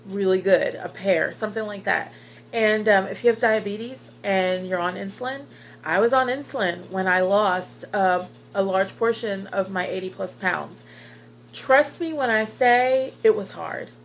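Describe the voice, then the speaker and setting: In a low-quality recording with slight background noise, a woman in her thirties speaks at a medium pitch and a little slowly. She's a vlogger sharing her weight-loss journey, talking earnestly, encouraging viewers with plenty of fillers, and tearing up at times.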